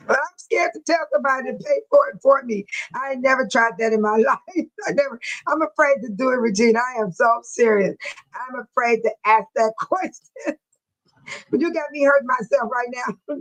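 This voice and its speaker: A woman's voice: high voice, a bit bright, low-quality recording. An older woman hosting a casual livestream, chatting animatedly and laughing often as she reads out viewer comments. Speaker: livestream host.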